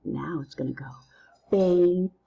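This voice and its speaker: Playful slow-talking woman teacher, gravelly. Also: low-pitched, animated, a little mellow, muffled recording. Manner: playful, slips into silly voices and memory tricks. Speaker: Spanish teacher. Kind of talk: recorded language lesson, counting drills.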